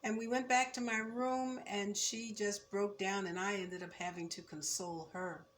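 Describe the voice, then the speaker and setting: Older woman, seventies, oral history storytelling, measured and reflective, firm edge, faint ambience behind. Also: mid-range voice, steady tone, slight background noise. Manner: measured, reflective, firm when recalling injustice. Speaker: former student recounting memories.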